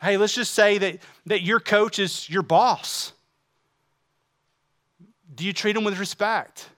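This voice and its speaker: Bright high-voiced preaching man. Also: slow. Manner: preaching with rhetorical questions, swinging from loud emphatic to hushed. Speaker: pastor. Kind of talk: sermon.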